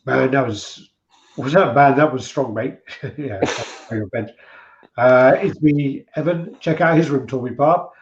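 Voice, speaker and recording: A man's voice: medium pitch, measured pace, a little hiss or hum. A man co-hosting a casual livestream chat about collectibles. He rambles, swears and tells jokes. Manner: rambling, swearing, joke-telling. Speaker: co-host. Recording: muffled, roomy stream audio.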